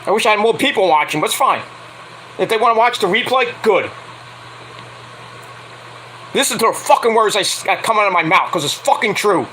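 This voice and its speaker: A man on a late-night livestream rants with heated, profane energy. His voice sits high and bright. A faint air-conditioning hum runs underneath. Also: lively intonation, a little fast, pauses often, rough recording. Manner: profane, heated, fired-up ranting. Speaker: wrestling reviewer and streamer.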